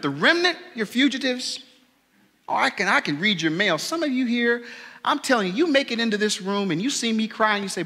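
A male pastor delivers an impassioned sermon through tears, his voice high and bright. He swings from near whispers up to shouts with a lively, rising pitch. The hall gives his voice a long echo. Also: a little fast. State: tearful. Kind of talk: emotional sermon. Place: fellowship hall.

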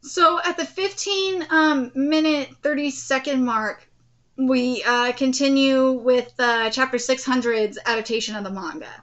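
A woman hosting a live anime reaction, outspoken and swearing freely, breaking into excited exclamations. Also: high voice, unhurried, lo-fi sound.

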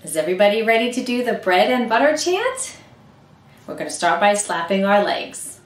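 A middle-aged woman leading a toddler storytime at the library, talking in a slow, deliberate, sing-song way as she reads aloud. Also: medium pitch, sing-song, recorded from a distance. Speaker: children's librarian. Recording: roomy echo.

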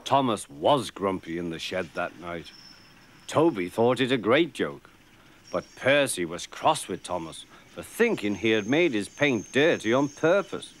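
A man narrating a children's cartoon story in an animated, expressive way. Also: lowish voice, measured pace, a little hiss or hum.

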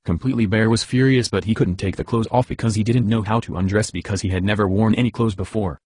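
A man reading a silly bedtime story in an even, deadpan way. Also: fairly low pitch, fast talker, no room sound.

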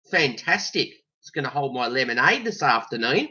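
A man's voice: medium pitch, sing-song, normal speed, bright, forceful tone, breathy edge. A man with an Australian accent hosting a casual band vlog, jokey and exaggerated, full of slang. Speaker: band member vlogger. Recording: dull lo-fi sound.

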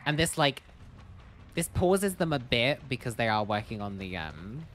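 A woman's voice: a bass voice, sing-song, normal speed, slight background noise. A woman streamer giving playful, jokey commentary as she plays a game, with sing-song bits. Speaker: gaming streamer. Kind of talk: casual gameplay commentary.

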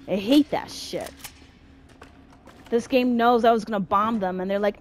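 A young woman hosting a horror game let's play, swearing constantly and shouting at enemies in panic. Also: mid-range voice, measured pace, pauses often, slight background noise. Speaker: gaming channel host.

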